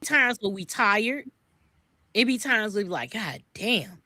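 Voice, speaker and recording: A woman's voice: mid-range voice, a little slow, sharp tone, no echo. A woman co-hosting a podcast, speaking in impassioned commentary, repeating words when worked up and swearing freely. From US East Coast. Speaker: podcast co-host.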